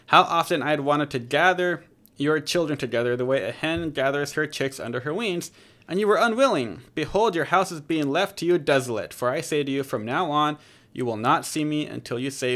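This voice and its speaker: A man's voice: fairly high pitch, expressive, normal speed, fairly bright tone. A man hosting a podcast, discussing scripture in a conversational, joking way and correcting himself as he goes. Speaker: podcast host. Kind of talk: casual Bible discussion.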